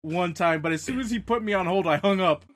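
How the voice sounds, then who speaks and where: Man, podcast co-host, high pitch, laid-back, chiming in. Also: a little fast, a bit bright. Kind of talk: casual chat.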